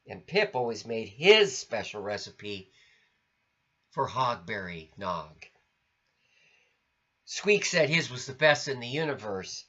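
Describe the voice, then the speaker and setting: A man reading a children's storybook aloud in an expressive, sing-song way. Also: medium pitch. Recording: lo-fi recording.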